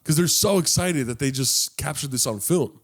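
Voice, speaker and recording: A man co-hosting a podcast in casual chat, with a laid-back, slangy way of talking. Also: normal speed. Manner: laid-back, slangy, breaks into high-pitched laughter. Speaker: podcast co-host.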